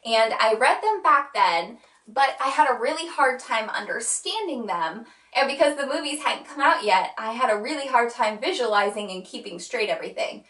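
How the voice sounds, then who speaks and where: A woman's voice: on the high side, expressive, normal speed, fairly bright tone. A young woman vlogger talking casually and earnestly, with frequent fillers. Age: young adult. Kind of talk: casual chat. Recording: roomy sound from a distant mic.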